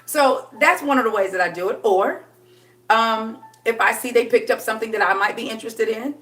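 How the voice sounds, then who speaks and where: A woman coaching on dating in a casual live stream, chatty and sassy, laughing often and dipping into a low voice for effect. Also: brisk, a bit bright, distant mic.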